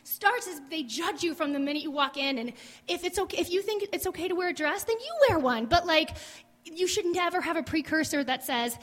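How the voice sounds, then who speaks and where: A woman's voice: very high-pitched, expressive, brisk, pushed and bright. A woman candidly telling her faith story at a church service, chatty and full of "like" asides. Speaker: guest sharing testimony. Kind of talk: casual testimony on church stage. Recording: long hall reverb.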